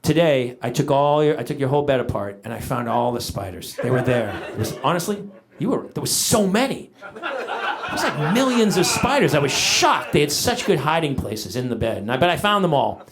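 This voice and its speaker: Stand-up comic man with a lively delivery. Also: on the high side, brisk, a crowd in the background. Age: middle-aged. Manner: animated, exaggerated storytelling with shouted punchlines. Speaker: stand-up comedian. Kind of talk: stand-up comedy set. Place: comedy stage before a live audience. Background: audience laughter.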